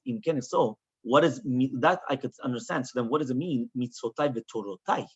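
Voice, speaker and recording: A rabbi teaches a Talmud class in a husky, medium-pitched voice with the highs cut off. He explains the text through many rhetorical questions and quotes in Hebrew and Aramaic.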